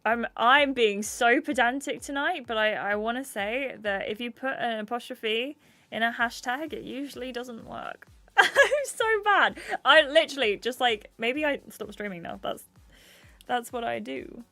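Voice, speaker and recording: Woman gaming streamer, chatty and giggly, fairly high voice, faint music behind. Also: moderate pace, sharp tone. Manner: chatty, giggly, reads game text aloud. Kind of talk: livestream game playthrough, reading aloud.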